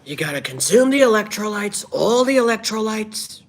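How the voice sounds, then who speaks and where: Boastful politician impression, high strained voice, loud bragging, a man putting it on. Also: animated, moderate pace.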